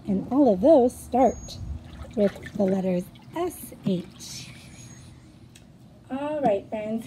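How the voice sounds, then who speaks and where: A young woman leads a children's phonics lesson, her voice bright and animated as she sounds out letters slowly. The recording has clear background noise throughout. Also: a little high. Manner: sing-song, encouraging, sounds out letters. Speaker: teacher.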